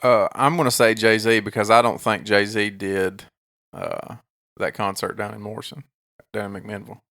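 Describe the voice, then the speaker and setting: A man's voice: on the low side, level tone, pushed and bright, no room sound, studio quality. A man, co-hosting a podcast in laid-back casual chat. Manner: laid-back, quick reactions and laughs. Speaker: podcast co-host.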